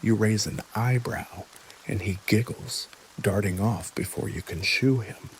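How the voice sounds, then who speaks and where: A man gently telling a scripted bedtime history story in the second person, with dry little jokes. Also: lowish voice, a little slow, a little hiss or hum, rough recording. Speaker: narrator. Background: soft rain.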